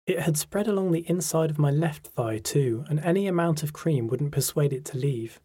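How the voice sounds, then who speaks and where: Mellow, husky narrator. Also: male voice, on the high side. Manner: measured, reflective storytelling. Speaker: audiobook narrator. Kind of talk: first-person audiobook narration.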